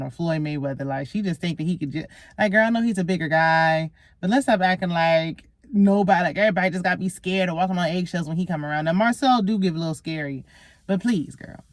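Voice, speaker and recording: A woman's voice: lowish voice, no room sound, studio quality. A woman, recapping a reality show in casual, sassy chat straight to her viewers.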